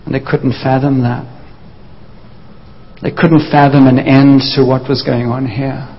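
A man preaches at a measured pace in a mid-range voice with little pitch movement. He tells the story vividly, now and then slipping into the voices of the disciples, and the dull recording carries a long hall reverb.

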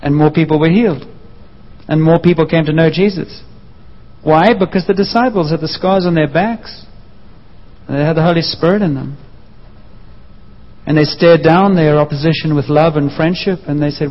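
A man preaching a sermon, telling a story with lively acted-out voices. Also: fairly high pitch, normal speed. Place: church hall. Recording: dull sound with long hall reverb.

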